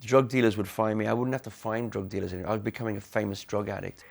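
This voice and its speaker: Gravelly low-voiced man, frank halting interview storytelling. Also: flat delivery. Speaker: interviewee, former band member. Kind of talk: candid reflective storytelling.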